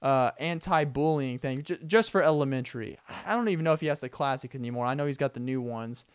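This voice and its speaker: Speaking quickly with a medium pitch and clean tone, a young man hosts a casual solo podcast. He rambles animatedly, acts out scenes, and laughs often.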